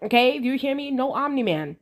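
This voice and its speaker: A woman giving a casual, animated show review, emphatic and repeating herself for effect. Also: high-pitched, a little fast.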